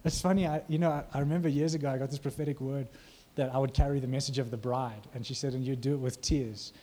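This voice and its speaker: A man's voice: mid-range voice, fairly even intonation, fast, dark tone, slight background noise. A male preacher giving a conversational sermon, often asking the congregation questions.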